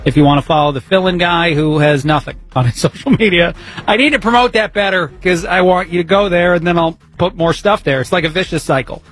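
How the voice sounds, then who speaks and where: A man filling in as a radio talk host rambles casually, poking fun at himself and laughing at his own jokes. His high-pitched, fairly bright voice moves briskly over a studio broadcast mic, with faint music behind him.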